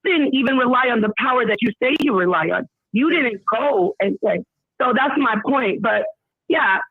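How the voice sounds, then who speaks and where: A woman's voice: fairly high pitch, expressive, normal speed, breathy edge, dry recording. A woman in a heated call-in debate, insistent and pushing to be heard, quoting scripture as she argues. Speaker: debate guest. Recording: tinny phone line.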